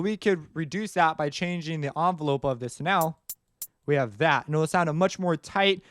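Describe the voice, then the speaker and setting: A man's voice: high-pitched, fairly bright tone, smooth. A man teaching music production in a casual, rambling way, often singing rhythms aloud as he explains. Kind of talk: screen-recorded tutorial explanation.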